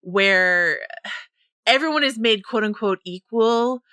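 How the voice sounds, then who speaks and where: A woman's voice: a little high, takes it slowly, bright, forceful tone, smooth, dry recording, studio quality. A woman co-hosting a podcast, chatting casually with wry, tongue-in-cheek asides. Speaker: podcast co-host. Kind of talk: casual chat.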